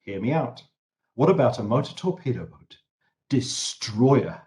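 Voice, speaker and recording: A man voicing a pushy Victorian boat-builder making an eager, wheedling sales pitch. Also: sing-song, a little slow, a little mellow.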